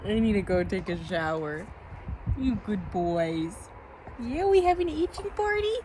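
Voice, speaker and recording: A woman's voice: medium pitch, sing-song, measured pace, background noise. A young woman vlogging outdoors at a horse stable, praising her horses in sweet baby talk with lots of giggles.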